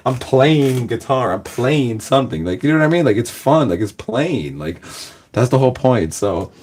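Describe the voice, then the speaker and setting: Speaking at a normal speed, he has an expressive, medium-pitched voice that's a little mellow. He's a Los Angeles reaction-video host whose casual talk wanders, packed with "like" and frequent laughter.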